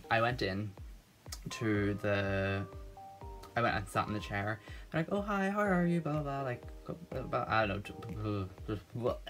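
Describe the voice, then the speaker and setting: A man's voice: lowish voice, fairly bright tone. A man telling a story in a casual vlog, rambling and nervous, with lots of restarts and fillers. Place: at home.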